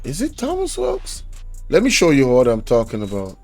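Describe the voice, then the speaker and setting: A man's voice: mid-range voice, huge pitch swings, normal speed, creaky, soft background music. A man with a Jamaican accent hosting a reaction channel, talking to viewers in an indignant, preachy way. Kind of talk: casual reaction commentary.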